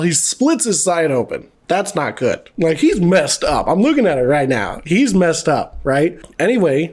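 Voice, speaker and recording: A man with a fairly high voice gives a loose, casual recap of a film. He rambles and jokes as he goes and swears freely. It sounds like an offhand chat with a friend, not a scripted review. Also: darkish tone. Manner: rambling, profane, jokey storytelling. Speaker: movie reviewer.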